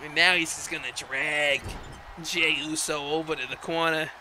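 Excitable high-voiced man calling play-by-play. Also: normal speed, background noise. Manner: exclaims often, putting on a mock accent. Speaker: commentator of a wrestling video game.

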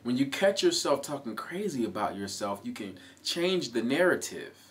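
An earnest man speaks in a middle-pitched voice, coaching the listener through a motivational self-help talk. He repeats his key points and checks in with "right?" asides, recorded close on a studio mic. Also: sing-song, normal speed, a little hiss or hum.

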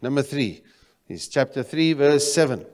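A man from South Africa preaching a sermon in a church, swinging between loud exclamations and quiet, low emphasis. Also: lively intonation, unhurried. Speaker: pastor. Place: church sanctuary. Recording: reverberant church hall.

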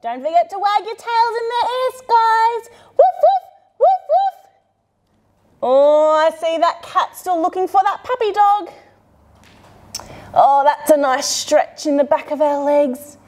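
A woman's voice: very high-pitched, a little slow, darkish tone. A young woman leading a playful children's yoga lesson, guiding poses and making animal sounds. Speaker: kids' yoga instructor.

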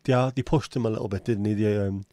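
Sweary man, low mellow voice. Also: fairly even intonation, fast talker, dry recording. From Liverpool, England. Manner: sweary, sarcastic banter. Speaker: livestream host. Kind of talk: casual livestream chat reading viewer comments.

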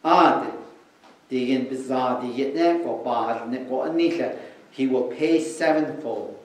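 A man preaching a sermon, teaching slowly and with emphasis while switching between English and another language. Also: medium pitch. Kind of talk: bilingual sermon with interpretation. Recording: roomy and distant from the mic.

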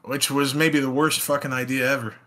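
With a medium-pitched, level, sharp voice and a faint hiss or hum in the recording, this young man co-hosts a casual podcast. He's jokey and profane, laughing frequently and dropping into quick silly voices.

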